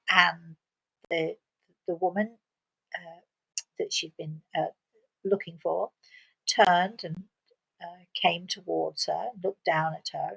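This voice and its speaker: An older woman telling a story slowly and haltingly, with dramatic pauses and fillers. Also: fairly low pitch, gravelly, a bit bright, breathy edge, poor audio. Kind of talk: spoken storytelling.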